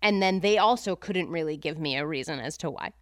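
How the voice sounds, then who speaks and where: A woman in her thirties co-hosting a podcast, chatting casually and getting emotional with quick asides. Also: sits low, no room sound, studio quality. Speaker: podcast co-host. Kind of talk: casual chat.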